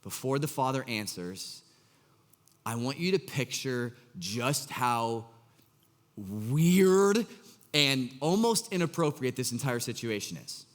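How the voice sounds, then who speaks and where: A man's voice: mid-range voice, in a large hall. A man preaching a casual, joking sermon as pastor, acting out scripture characters with exasperated voices. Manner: animated, acts out Jesus's lines in an exasperated voice; casual and joking, full of fillers. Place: church hall.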